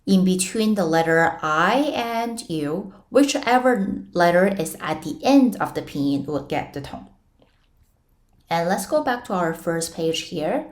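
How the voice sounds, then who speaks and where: Slow-spoken woman teaching Mandarin tones. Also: expressive. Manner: patient, explains step by step with playful comparisons; models tones with sudden high sung-out syllables. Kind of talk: casual online lesson.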